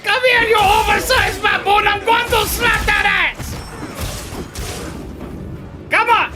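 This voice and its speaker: Very high-voiced streamer cussing out monsters, game music playing behind. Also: steady tone, slow pace. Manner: loud, swearing, yelling at monsters. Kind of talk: gameplay commentary.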